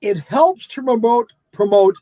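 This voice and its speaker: A man hosting a casual interview who gets enthusiastic and bursts into loud exclamations. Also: high voice, lively intonation, measured pace, dry recording. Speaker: host.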